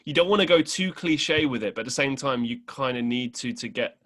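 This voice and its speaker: A man's voice: medium pitch, brisk, fairly bright tone. A man from Britain hosting a podcast, chatting casually and agreeably with his guest. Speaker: podcast host. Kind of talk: casual interview chat.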